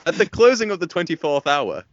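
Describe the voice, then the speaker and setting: A man's voice: on the high side, big pitch swings, a little fast, no echo, muffled recording. A man co-hosting a casual gaming podcast, hesitant and stumbling over his phrases between laughs. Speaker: podcast co-host.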